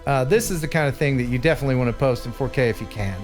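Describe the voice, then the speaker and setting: A man hosting a casual livestream chat, animated and quick to chuckle while he tells stories. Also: mid-range voice. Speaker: livestream host. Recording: faint music behind.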